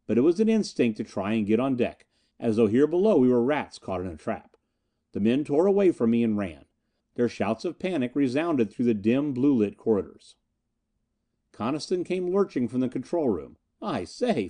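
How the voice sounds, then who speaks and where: A man's voice: mid-range voice, warm tone. A man narrating a first-person adventure story in a dramatic, tense reading style. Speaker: audiobook narrator.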